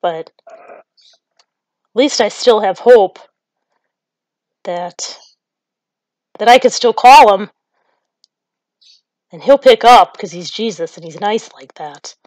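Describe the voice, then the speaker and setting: Woman comic, rambling self-mocking monologue, slow delivery, dry close sound. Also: mid-range voice, darkish tone, no echo. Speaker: comedian.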